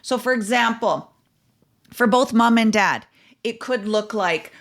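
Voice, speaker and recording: A woman's voice: on the high side, unhurried. A middle-aged woman, a parenting coach and podcast host, gives casual advice and explains through anecdotes and numbered steps.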